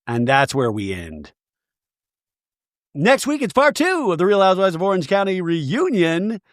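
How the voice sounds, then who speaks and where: A man hosting a podcast, giving a comedic, profane recap of a reality show in an animated way. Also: sits high, moderate pace, dry recording, studio quality. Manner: animated, profane, quotes cast members. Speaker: podcast host.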